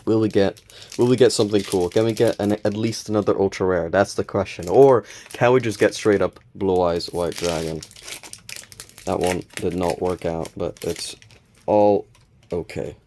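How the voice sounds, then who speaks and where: A man hosting a casual unboxing video, calmly counting cards and reading their names aloud with small self-corrections. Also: sits low, normal speed, slight background noise. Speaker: channel host opening card packs.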